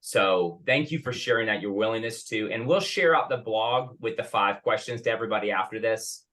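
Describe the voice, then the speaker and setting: A man's voice: on the low side, fairly quick, fairly bright tone. A man hosting a sales session over a video call, chatty and enthusiastic, often restarting his sentences. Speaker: host. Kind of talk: casual chat.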